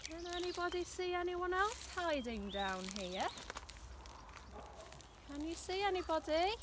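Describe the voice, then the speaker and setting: Woman, children's presenter, high voice, slow sing-song delivery. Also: animated, background noise. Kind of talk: children's play activity narration.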